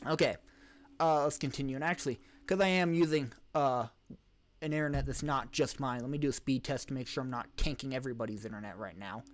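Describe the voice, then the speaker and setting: Talking fast in a medium-pitched voice, a man who hosts podcasts and live streams reads questions from chat during a casual Q&A. His answers ramble, with restarts and self-corrections, picked up by a streaming desk mic.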